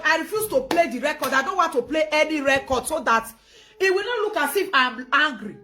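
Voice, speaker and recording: A woman speaking with a Nigerian Pidgin English accent, hosting a live stream. Her voice sits high and swings widely. She moves from loud, laughing outbursts to low, easy phone chat. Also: expressive, fairly quick. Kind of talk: casual live-stream rant.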